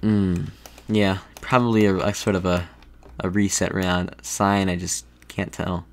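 A man's voice: low-pitched, level tone, measured pace. A man giving thinking-aloud commentary while playing a geography game, hesitant and full of restarts. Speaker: gaming video creator.

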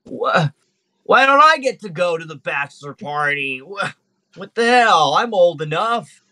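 Man voicing a pouty young guy, whiny, bright tone. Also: high voice, expressive, measured pace, pitched above the performer's own voice, full character voice. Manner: whiny, sulky.

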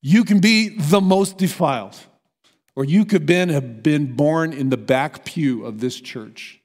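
A man's voice: on the high side, measured pace, darkish tone. An American man preaching a sermon as pastor, earnest and emphatic as he tells a story. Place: church sanctuary. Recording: long hall reverb in a church.

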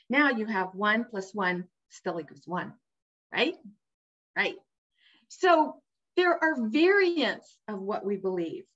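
A woman with a fairly high voice gives an emphatic, upbeat motivational talk, speaking straight to the listener as a coach would. The recording is somewhat dull and lo-fi. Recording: dull lo-fi sound.

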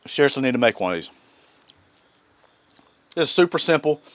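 A man's voice: mid-range voice, sing-song, moderate pace, a bit bright. A man hosting a casual cooking vlog, folksy and enthusiastic. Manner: folksy and enthusiastic, Southern phrasing. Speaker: cooking channel host. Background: griddle sizzling.

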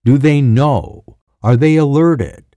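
A man's voice: medium pitch, slow pace, warm tone, dry recording, voice pushed up, close to an everyday voice. A man voicing a determined army major in an audiobook, asking urgent, anxious questions.

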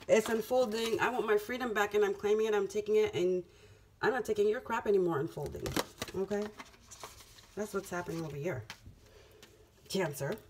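A woman's voice: medium pitch, a little mellow, a little hiss or hum. Emphatic woman giving a tarot reading. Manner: emphatic, repeats phrases for effect. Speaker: tarot reader. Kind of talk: casual spiritual tarot reading.

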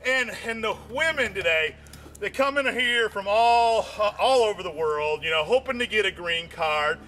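A man doing a rambling stand-up comedy routine, repeating himself and leaning on "you know", his voice jumping higher whenever he gets excited. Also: normal speed, slight background noise. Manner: voice jumps high when excited.

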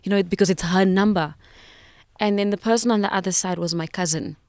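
A woman's voice: mid-range voice, fairly quick, a little mellow, no echo, studio quality. A South African woman in her thirties, a podcast guest, tells a personal story with emotion, reflection and frequent restarts.

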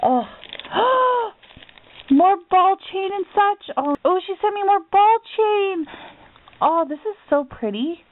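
A woman vlogger with a high voice opens a craft package, exclaiming and gasping over each item. Her delivery is slow and drawn out. The sound is thin and tinny, like a phone line. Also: expressive. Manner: gushing, gasping, repeated exclamations. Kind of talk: package opening vlog.

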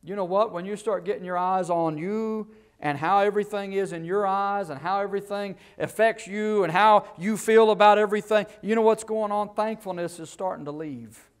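A man preaching a Baptist sermon as a guest preacher. He asks rhetorical questions and moves between loud bursts and quiet, low asides. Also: moderate pace, clear, resonant tone.

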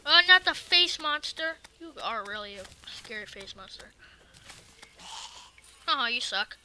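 A woman giving casual let's-play commentary, excitable and talking back to the game's enemies. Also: a little high, unhurried, a little hiss or hum. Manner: excitable, swears and talks to the game enemies. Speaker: gaming video creator.

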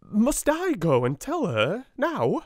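A man with a British accent reading a soft-spoken audiobook, voicing a timid, flustered middle-aged spinster who stammers and cries. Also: high voice, wildly swooping pitch, slow, dry recording, clean studio sound, voice pushed up, full character voice. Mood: tearful. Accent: British English. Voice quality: stammering, tearful.

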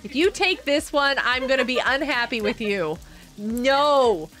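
A woman gaming streamer with a high, lively voice that swoops up and down as she chats. She talks playfully and scolds her teammates in mock outrage. Faint music plays behind her. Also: normal speed. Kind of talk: casual gameplay commentary.

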